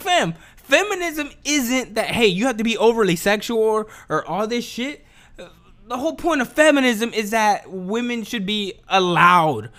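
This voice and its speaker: Sitting high with a fairly bright tone, a young commentator's voice carries a casual opinion rant on camera. He swears, uses slang, and often starts over or repeats himself.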